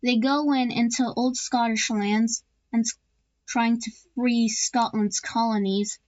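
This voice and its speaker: A woman talks through an alternate-history map in a loose, casual way, stumbling over restarts and filling gaps with "uh". She drops jokey asides as she goes. Her voice sits a bit high, and the dry, dull lo-fi mic has no room sound at all. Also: steady tone, unhurried, a little mellow, no echo. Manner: rambling, with many fillers and restarts. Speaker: map video narrator.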